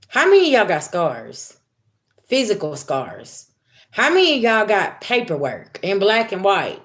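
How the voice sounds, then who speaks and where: A woman speaks straight to her viewers as a spiritual reader, in a blunt, profane, animated manner. Her voice sits at an ordinary middle pitch. She rants and lectures in loose street talk. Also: normal speed. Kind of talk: casual spiritual reading monologue.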